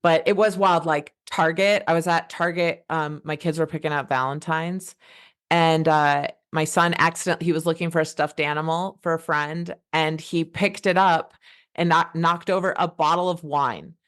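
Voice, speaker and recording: A woman's voice: low-pitched, steady tone, moderate pace, a bit bright. Fired-up woman talking sobriety. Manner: passionate, fired up, rambling with restarts. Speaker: podcast guest. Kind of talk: casual podcast conversation.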